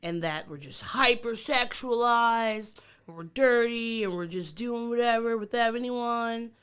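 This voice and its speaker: A woman co-hosting a podcast, talking candidly in casual chat and getting animated when she teases her co-host. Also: fairly high pitch, a little slow, clear, resonant tone.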